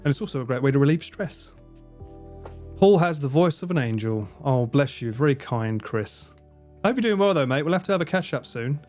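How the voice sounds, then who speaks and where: Live streaming from home in Japan, an Essex-born man talks casually in his Essex accent, poking fun at himself and thanking viewers by name. His mid-range voice has lively intonation, a slightly fast pace and a slightly mellow quality. Soft background music accompanies him.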